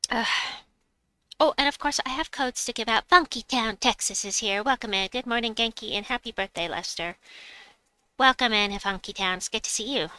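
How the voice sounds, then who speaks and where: Bright, chatty woman streamer. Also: fairly high pitch, normal speed, smooth, no echo, rough recording. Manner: chatty, reads chat aloud, laughs often. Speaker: game streamer. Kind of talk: casual live-stream chat.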